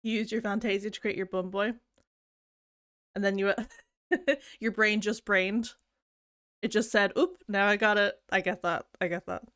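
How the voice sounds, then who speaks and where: A woman's voice: mid-range voice, steady tone, a little slow, pauses often, fairly bright tone, dry recording, studio quality. A woman streamer chatting casually with viewers, rambling and self-deprecating with plenty of giggles. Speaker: game streamer. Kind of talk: casual chat.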